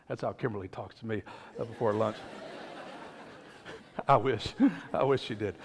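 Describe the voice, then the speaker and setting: A pastor preaching a sermon in a conversational way, with joking asides to the congregation. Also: male voice, mid-range voice, normal speed. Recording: long reverb of a church hall.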